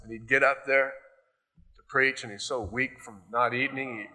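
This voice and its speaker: Bright-voiced male pastor preaching. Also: mid-range voice, fairly even intonation, moderate pace. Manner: conversational storytelling with lots of "you know". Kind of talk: sermon.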